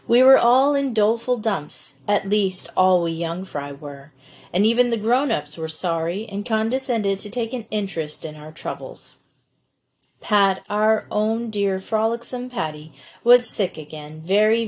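Husky-voiced woman reading a storybook. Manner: gentle storytelling, voices the children's dialogue with lifted pitch. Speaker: audiobook reader. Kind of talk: scripted narration of a classic novel.

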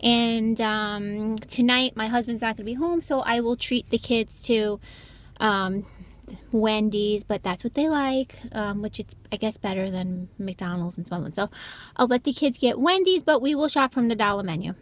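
A woman's voice: on the high side, moderate pace. A middle-aged woman chatting casually as she films her shopping trip, walking and talking through the stores, her car and her home. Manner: chatty, walks and talks while shopping. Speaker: vlogger.

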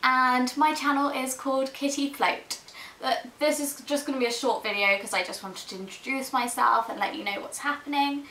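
A woman's voice: sits high, steady tone, moderate pace, sharp tone, roomy sound, a little hiss or hum, poor audio. An eighteen-year-old woman from South East England, chatting to her camera in a rambling, giggly way on a built-in camera mic. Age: teens. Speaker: vlogger. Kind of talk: casual chat to camera.

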